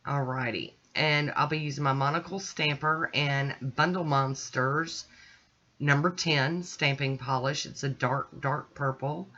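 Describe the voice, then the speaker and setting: A middle-aged woman hosting a nail art channel, calmly talking through each step of her manicure in a relaxed, chatty way. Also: extremely low pitch, unhurried. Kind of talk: casual tutorial narration. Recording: dull lo-fi sound.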